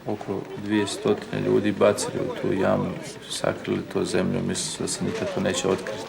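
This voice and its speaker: A man, a judge, answering interview questions slowly and deliberately. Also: low-pitched, monotone, vocal fry, a loud crowd.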